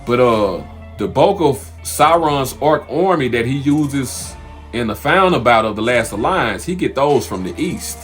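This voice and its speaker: A man in the middle pitch range rambles through a TV episode recap in a loose, animated way, stopping and restarting his thoughts as he goes. Faint music plays underneath his voice. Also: unhurried. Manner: animated, loose and conversational with many fillers and restarts. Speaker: TV recap host. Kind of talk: casual spoken TV episode review.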